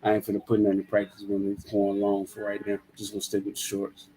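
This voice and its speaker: A man's voice: fairly low pitch, completely flat delivery, fast, warm tone, a little hiss or hum. A man in casual chat about his trading, speaking in a loose, rambling, agreeable way. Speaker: guest trader.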